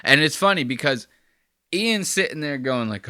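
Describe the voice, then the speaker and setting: A man's voice: medium pitch, lively intonation, normal speed, pushed and bright, no echo, clean studio sound. A man hosting a podcast, giving casual reaction commentary in a profane, mocking way. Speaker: podcast host.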